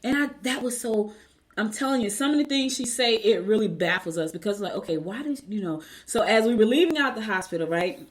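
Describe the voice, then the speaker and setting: An older woman, casually chatting to viewers as a morning show host, telling an animated story and calling them y'all. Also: a little high, a little fast, slight background noise.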